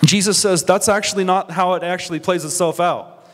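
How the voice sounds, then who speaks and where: A man's voice: high-pitched, steady tone, fairly quick, a bit bright. Earnest young man teaching in an echoing hall. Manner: earnest, conversational, asks rhetorical questions. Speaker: Bible study teacher. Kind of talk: casual teaching sermon. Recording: long reverb of a hall.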